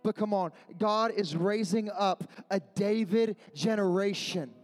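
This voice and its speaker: High-voiced young man preaching to youth. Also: unhurried, faint music behind. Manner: builds to shouted refrains, slangy, repetitive calls. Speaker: youth pastor. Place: youth service gathering.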